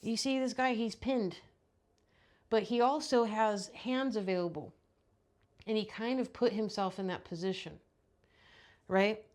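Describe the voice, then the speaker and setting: A woman's voice: mid-range voice, a little slow, long pauses, darkish tone. A woman hosting a podcast, giving a blunt, profane ranting monologue full of rhetorical questions. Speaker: podcast host.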